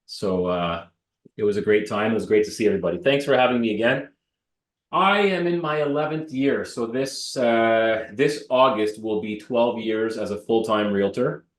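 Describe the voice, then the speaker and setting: A man in his thirties from Canada, a realtor telling stories in an interview, animated and joking. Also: fairly low pitch, normal speed, reverberant. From Ottawa, Canada. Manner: animated, joking, swears casually. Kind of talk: casual storytelling in an interview.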